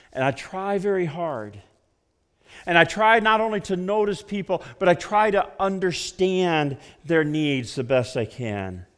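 A man preaching a sermon with earnest conviction, swelling loud and then dropping to hushed tones as he presses a point. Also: fairly high pitch. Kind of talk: sermon with told stories. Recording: long reverb of a hall.

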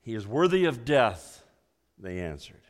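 A man preaching a sermon, emphatic, swinging between loud emphasis and hushed low passages. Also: very animated, measured pace, in a large hall. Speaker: pastor.

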